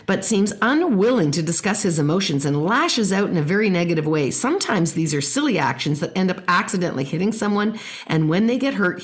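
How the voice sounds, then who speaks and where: A woman hosting a podcast, giving parenting advice and reading listener questions aloud. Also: fairly low pitch. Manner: warm explanatory, reads listener emails aloud. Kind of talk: casual advice talk.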